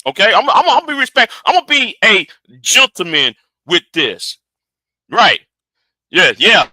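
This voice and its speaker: Excitable high-voiced male streamer. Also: normal speed, dry recording. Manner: excitable, repeats words while building a point. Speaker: live stream host. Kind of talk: live stream reaction commentary.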